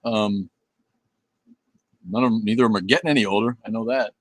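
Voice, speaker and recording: A man's voice: on the low side, brisk, no room sound. A middle-aged man hosting a casual livestream, answering viewer comments in a blunt, profane and rambling way with many fillers. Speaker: livestream host.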